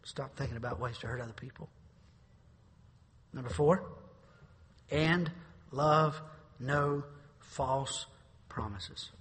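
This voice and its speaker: A man's voice: mid-range voice, slow pace, pauses often, slight background noise. Man preaching in an echoing church. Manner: preaching with sudden shouted climaxes. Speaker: pastor. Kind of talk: sermon. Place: church sanctuary. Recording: reverberant church sanctuary.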